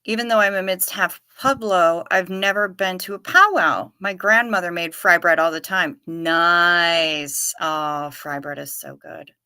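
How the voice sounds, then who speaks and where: A woman with a bright, forceful voice chats her way through a casual livestream, reading viewer comments aloud and answering them. The sound is close and dry, with no room echo behind her. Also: fairly low pitch, measured pace, hardly any pauses, smooth. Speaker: livestream host.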